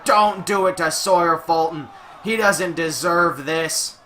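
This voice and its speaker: A young man doing energetic play-by-play commentary over a wrestling video game, shouting at the big moves, his voice going a little rough from use. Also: fairly high pitch, slow pace, soft background music.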